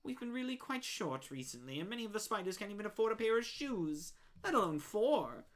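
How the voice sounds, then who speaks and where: A woman voicing a greedy spider baker woman who sweetly calls everyone dearie, with a low hushed menace under the sugar. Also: very animated, brisk, lightly acted. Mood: pleading.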